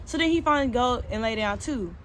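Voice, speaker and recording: Animated young woman telling a storytime. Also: fairly high pitch, fast, a little hiss or hum, low-quality recording. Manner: animated and expressive, acting out quoted dialogue. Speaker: vlogger. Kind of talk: casual storytime.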